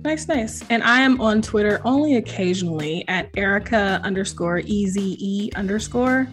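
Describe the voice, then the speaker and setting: A woman's voice: medium pitch, expressive, normal speed, soft background music. Chatty woman podcast host. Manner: chatty, many fillers and restarts. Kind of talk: casual book podcast chat.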